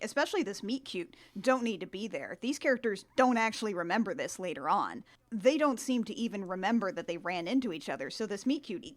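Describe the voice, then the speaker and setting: A woman co-hosting a podcast, chatting casually and laughing often about a film. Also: mid-range voice. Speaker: podcast host. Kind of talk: casual movie-review chat.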